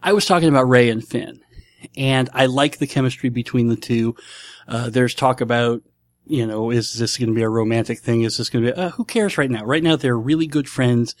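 A man's voice: medium pitch, brisk, no room sound, clean studio sound. A man from Nebraska hosting a casual solo podcast, enthusiastic and rambling, often repeating himself. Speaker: podcast host.

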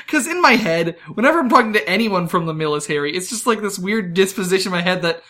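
Bright-voiced young man telling stories. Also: sits high, expressive, fast. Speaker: podcast co-host. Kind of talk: casual podcast chat.

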